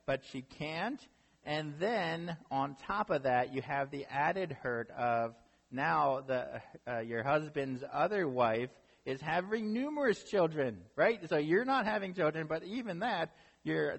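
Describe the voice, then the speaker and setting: A pastor with a mid-range, slightly bright voice preaches a sermon, retelling a story conversationally. He keeps checking in with listeners by asking "right?", and a hall's long reverb trails his words.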